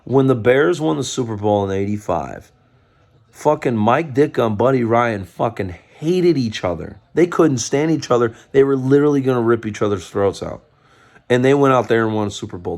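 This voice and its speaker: A man's voice: medium pitch, lively intonation, moderate pace, darkish tone. A man giving a profane, fired-up rant as a sports fan, mocking others with put-on quotes. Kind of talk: ranting fan commentary.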